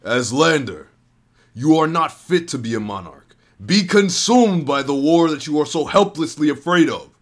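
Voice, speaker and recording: A contemptuous male villain from a spoken story, passing judgment in a cold, accusing tone, as a man puts him on. His voice sits a little low and turns sharp with scorn. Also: lively intonation, normal speed. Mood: accusing, angry.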